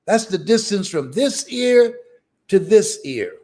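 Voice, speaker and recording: A man's voice: high voice, big pitch swings, slow, dark tone. An older man giving a live motivational speech, emphatic and preacher-like, repeating phrases and breaking into hearty laughs. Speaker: motivational speaker.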